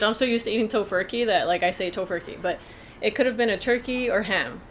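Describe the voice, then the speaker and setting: A woman's voice: medium pitch, quick pace, a little hiss or hum. A woman vlogger telling a personal story in a casual, earnest, rambling way with many fillers.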